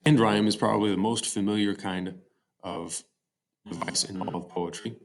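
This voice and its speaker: A man's voice: low voice, fairly even intonation, normal speed, vocal fry. A man giving a recorded slide-show lecture on poetry, explaining step by step with fillers and self-corrections. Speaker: teacher.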